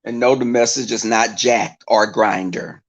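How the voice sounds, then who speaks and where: A man chatting casually to his viewers, telling stories in an animated way and breaking into mocking impressions of others. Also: fairly low pitch, unhurried.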